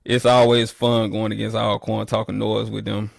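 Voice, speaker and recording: A man's voice: lowish voice, normal speed, gravelly, no echo, clean studio sound. Teasing man trash-talking on a livestream. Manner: playful trash talk, teasing, rising to loud animated bursts. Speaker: livestream host reading chat. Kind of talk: casual livestream chat.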